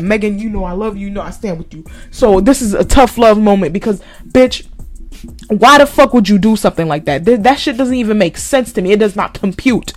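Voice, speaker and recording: A woman's voice: medium pitch, brisk, faint music behind. A podcast host, a woman, delivering a blunt, heated commentary rant, swearing constantly and scolding with repeated points.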